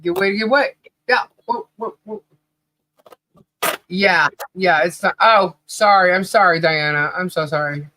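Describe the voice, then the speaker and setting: A woman's voice: lowish voice, moderate pace, sharp tone, rough recording. A woman co-hosting a podcast livestream, chatting casually and laughing often as she tells stories and calls out names from the chat. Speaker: podcast co-host.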